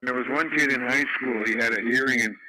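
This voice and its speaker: A man's voice: mid-range voice, steady tone, fast, sharp tone, low-quality recording. Rambling man chatting over the radio. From Canada. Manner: rambling storyteller, many fillers and restarts. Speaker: radio net host. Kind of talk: casual radio chat. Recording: radio audio with faint noise.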